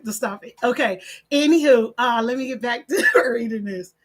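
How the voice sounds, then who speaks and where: An older woman, hosting her channel in casual chat, reading comments and telling animated stories with quoted voices. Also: a little high, normal speed, few pauses. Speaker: channel host.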